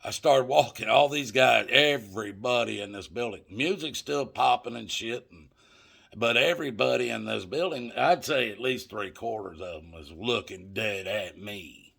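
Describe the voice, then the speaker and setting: An older man tells viewers a rambling, profane anecdote directly, addressing them as folks. His fairly low voice is husky and a bit bright, with vocal fry, and he talks at a moderate pace.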